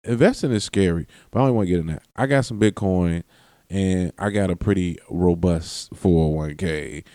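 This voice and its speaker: A man hosts a solo podcast in a long-winded, rambling way, cutting off his own sentences, laughing and cursing as he goes. His voice sits low with a warm tone at normal speed, recorded in studio quality with no echo.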